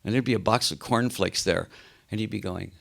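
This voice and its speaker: Older male rock singer, gravelly, animated storyteller on a video call. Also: on the low side, fairly quick. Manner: animated anecdotes, acts out quoted voices. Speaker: interview guest, rock singer. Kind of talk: casual storytelling interview.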